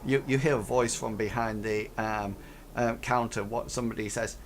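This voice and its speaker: A man running a tabletop game as game master, talking haltingly with many ums and restarts. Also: fairly low pitch, steady tone, a little hiss or hum.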